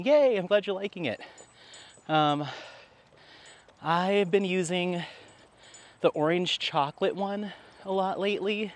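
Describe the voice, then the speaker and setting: A man's voice: high-pitched, slow pace, long pauses. A man chatting casually with viewers while walking his dog in a park, laughing often. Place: outdoors in a park.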